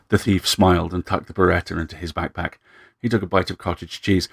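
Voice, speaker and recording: Male narrator, very low and gravelly, measured story reading. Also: steady tone, dry recording, clean studio sound.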